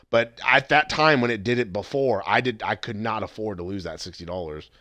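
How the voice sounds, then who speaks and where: A man's voice: medium pitch, lively intonation, quick pace, hardly any pauses, sharp tone, no room sound. A young man chatting casually and profanely, rambling with frequent restarts. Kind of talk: casual chat.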